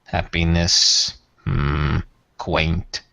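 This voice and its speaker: A man voicing a cold, aloof ancient immortal male being who speaks slowly with disdainful pauses. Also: low voice, level tone, vocal fry, bright, forceful tone, dry recording, pitched below the performer's own voice, exaggerated voice. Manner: slow, measured, disdainful with drawn-out pauses.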